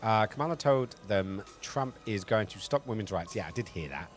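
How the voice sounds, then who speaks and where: A man's voice: fairly low pitch, expressive, moderate pace. A man with a South London Cockney accent, chatting casually on a live stream, rambling, swearing freely and reacting to chat messages.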